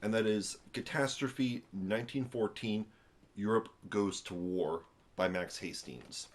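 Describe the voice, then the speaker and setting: A young American man with a deep, low voice talks into a camera on a tripod at home. He sounds worn out after a long day and rambles in a loose, casual way, with many ums and restarts and dry asides. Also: measured pace. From United States. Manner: rambling, full of fillers and restarts, wry asides. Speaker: vlogger reviewing a book. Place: at home indoors.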